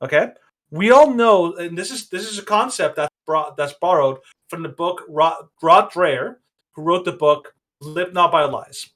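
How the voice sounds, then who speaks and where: A man's voice: fairly high pitch, a little slow, fairly bright tone. A man co-hosting a podcast, giving opinionated casual commentary that rambles with many restarts. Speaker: podcast co-host.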